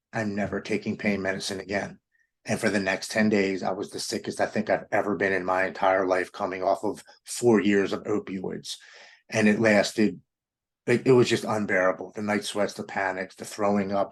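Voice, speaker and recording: A man in his forties from Maryland, telling an emotional personal testimony as an interview guest and quoting his own past thoughts aloud. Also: fairly low pitch. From Maryland, United States.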